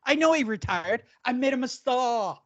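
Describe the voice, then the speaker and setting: A man's voice: very high-pitched, wildly swooping pitch, fairly quick, a bit bright, muffled recording, pitched above the performer's own voice, exaggerated voice. A man voicing a brash, boastful English boxing promoter who keeps repeating himself. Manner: cocky, repetitive "listen, mate" bluster.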